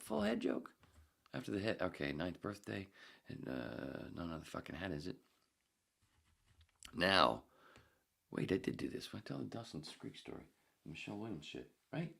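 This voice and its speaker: A man's voice: low voice, vocal fry, husky. A man hosting a podcast, rambling through a joke, swearing freely and chuckling at himself. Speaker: podcast host. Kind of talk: casual rambling podcast monologue.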